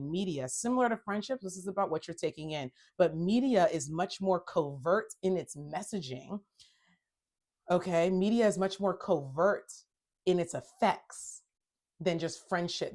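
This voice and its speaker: A woman hosting a self-help talk, speaking emphatically, repeating phrases for stress and growing heated when she is upset. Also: on the low side. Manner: emphatic, repeats phrases, addresses listeners as y'all; gets worked up and loud when upset. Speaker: host.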